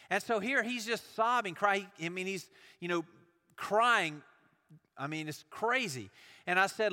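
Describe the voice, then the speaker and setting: A man's voice: high voice, expressive, measured pace, bright, forceful tone, in a large hall. A man preaching a sermon, earnest and building emphasis through repetition.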